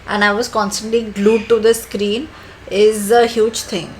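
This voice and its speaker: A woman's voice: mid-range voice, level tone, unhurried, slight background noise, poor audio. A young woman co-hosting a podcast, chatting casually and laughing easily. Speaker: podcast co-host. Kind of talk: casual chat.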